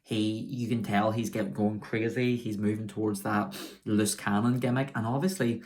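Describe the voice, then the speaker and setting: A man's voice: fairly low pitch, steady tone, moderate pace, a little mellow. A man talks casually into his own video review, rambling from point to point. He sounds keen on what he covers and keeps stopping to correct himself. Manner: chatty and enthusiastic. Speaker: wrestling show reviewer.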